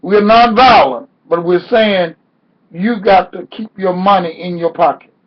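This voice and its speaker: Male activist speaker, high husky voice, unhurried preaching cadence, dull lo-fi sound. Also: fairly even intonation. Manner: preacher-like cadence, rising to cries. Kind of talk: impassioned protest speech.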